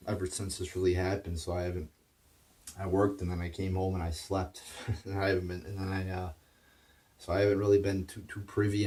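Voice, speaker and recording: A man's voice: low-pitched, darkish tone, recorded from a distance. A man delivering a heated, profane political rant, stumbling over his words and restarting as he goes. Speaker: political commentator.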